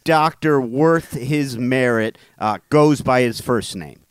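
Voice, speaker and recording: A man's voice: mid-range voice, slow, clean tone, dry recording. A man co-hosting a podcast, chatting casually and ranting in a joking, mock-indignant way. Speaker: podcast co-host. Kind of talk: casual chat. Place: New York City.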